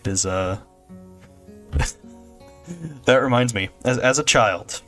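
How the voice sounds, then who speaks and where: A man's voice: mid-range voice, animated, slow, fairly bright tone, soft background music. A young man chatting casually on a game stream, rambling and joking with frequent laughter. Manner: rambling, jokey, laughs often. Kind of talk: casual gameplay stream chat.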